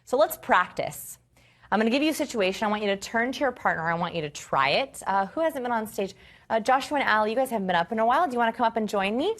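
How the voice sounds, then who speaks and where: A woman's voice: a little high, animated, quick pace. Woman presenter teaching on stage. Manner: instructive, repeats key phrases. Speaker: workshop presenter. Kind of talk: live seminar teaching. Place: stage before an audience.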